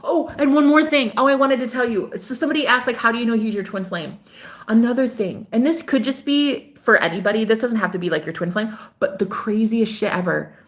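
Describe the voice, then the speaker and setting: A woman telling a personal story in casual chat to her viewers, animated and talkative, swearing and calling her audience "girl". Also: on the high side, a little fast. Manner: voices other people in quoted dialogue. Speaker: spiritual advisor.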